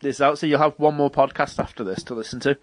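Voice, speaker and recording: A man co-hosting a podcast, rambling through an animated retelling in casual chat. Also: mid-range voice, quick pace, dry recording. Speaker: podcast co-host. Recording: dry close mic.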